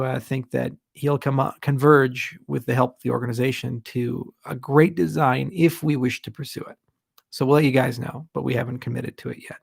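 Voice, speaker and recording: A man's voice: medium pitch, creaky, husky, dry recording, clean studio sound. A man answering viewer questions on a livestream, candid and blunt with rambling asides. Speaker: tech company founder answering questions.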